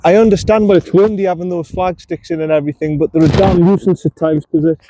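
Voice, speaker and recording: A man's voice: sits high, fairly even intonation, fast, background noise. A man, chatting casually to the camera as he plays a round of golf outdoors and coaches himself between shots. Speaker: golf vlogger. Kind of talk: casual on-course commentary.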